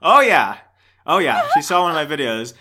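A young man co-hosting a podcast, a comedian who tells stories in casual chat with quick jokes and casual swearing. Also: fairly high pitch, very animated, pushed and bright. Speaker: podcast co-host and stand-up comic.

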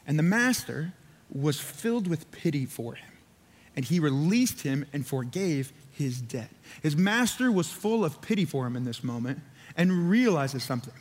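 A man preaching a sermon as pastor, casual and conversational, with lots of "like" and acted-out voices for the people in the story. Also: high-pitched. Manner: conversational, filler-heavy preaching with acted-out quotes. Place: church sanctuary. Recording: church hall reverb.

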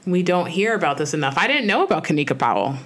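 A woman's voice: lowish voice, very animated, fast talker, a bit bright. A woman co-hosting a podcast in casual conversational chat, earnest and reflective, with frequent "like" and "you know" fillers. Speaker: podcast co-host.

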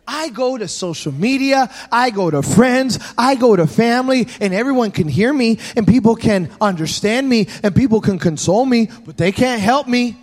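A man with a very high voice delivers a sermon, telling stories with humor in a preacherly rhythm. His voice rings out through the long reverb of a large church sanctuary. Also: animated, moderate pace, hardly any pauses, a little mellow. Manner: storytelling, joking, preacherly cadence. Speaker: pastor.

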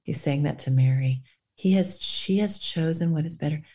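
A woman guest on a faith podcast, speaking earnestly and guiding listeners through a quiet reflection. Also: low voice, normal speed, breathy edge.

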